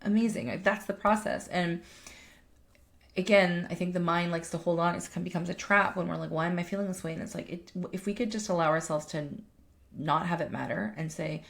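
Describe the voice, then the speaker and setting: A woman with a low, gravelly voice talks in a loose, emphatic coaching chat. She swears freely and restarts her sentences often as she works out her points. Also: fairly even intonation, normal speed. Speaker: life coach and podcast co-host. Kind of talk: casual chat.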